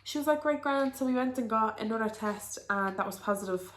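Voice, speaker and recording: Young Dublin woman vlogger, early twenties, rambling storyteller, mid-pitched, echoey room. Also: fast, a bit bright. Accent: Dublin Irish. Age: early 20s. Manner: chatty and rambling, with frequent "um" and "like". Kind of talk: casual storytelling to camera. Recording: roomy echo.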